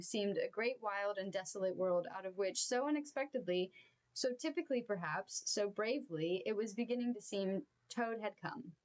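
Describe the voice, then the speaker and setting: A woman reading a children's novel aloud, with expressive and emotional storytelling. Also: mid-range voice.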